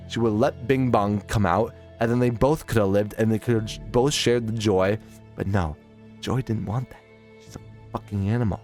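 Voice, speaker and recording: A man of twenty from Minnesota, ranking films in a blunt, profane, opinionated monologue. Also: mid-range voice. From Minnesota, United States. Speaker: film reviewer.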